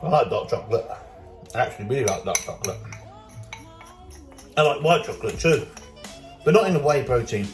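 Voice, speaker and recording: A man's voice: mid-range voice, expressive, fairly quick, long pauses, over music. A young British man, a fitness coach, chatting casually and energetically through a day-in-the-life vlog, swearing freely as he goes.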